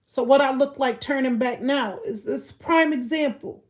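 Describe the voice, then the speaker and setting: Woman ranting on a livestream, AAVE, kinda high voice, keeps going loud then mumbly. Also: normal speed. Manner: ranting, keeps asking "you feel me", swings between loud outbursts and low mutters. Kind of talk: casual livestream rant.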